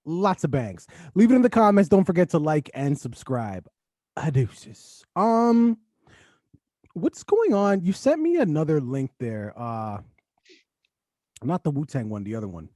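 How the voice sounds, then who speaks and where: A man from Canada co-hosting a podcast, talking in a loose, slangy, joking way. His voice sits a little high for a man. The sound is dry and close, with no room echo. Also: big pitch swings, unhurried, warm tone. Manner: laid-back, joking, slangy. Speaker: podcast co-host. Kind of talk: casual chat.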